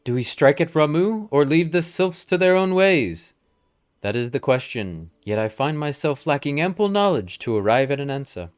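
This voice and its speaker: A man's voice: fairly high pitch, big pitch swings, moderate pace, clean tone. A man doing a stately military commander. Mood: formal. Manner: stately, old-fashioned formal delivery. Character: stern formal male military commander. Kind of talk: reading game dialogue aloud.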